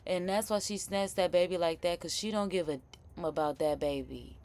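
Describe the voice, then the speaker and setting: A woman's voice: on the low side, a little fast. Chatty New Orleans woman streamer. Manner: animated, chatty, slangy, laughing asides. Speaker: live-stream host reacting to news. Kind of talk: casual reaction commentary.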